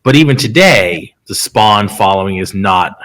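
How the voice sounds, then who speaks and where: Podcast co-host, man, lowish voice, laid-back and agreeable. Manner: relaxed, drawn-out phrasing, agreeable, lots of "you know what I mean". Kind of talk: casual chat.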